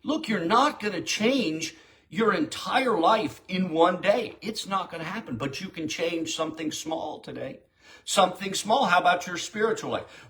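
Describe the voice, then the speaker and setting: A man's voice: high voice, expressive, unhurried, fairly bright tone. A middle-aged man preaching a short daily devotional in a folksy, direct, exhorting way.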